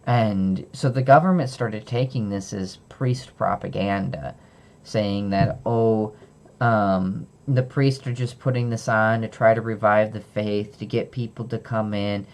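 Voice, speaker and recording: A man's voice: fairly low pitch, fairly even intonation, unhurried. A young man casually retelling a book's story off the cuff, with fillers and self-corrections. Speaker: book reviewer. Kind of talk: unscripted book summary.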